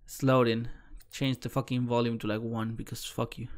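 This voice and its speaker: A man's voice: mid-range voice, little pitch movement, normal speed. A man streaming as he reads a webcomic aloud in a casual way, tripping over words, restarting, laughing and swearing as he goes.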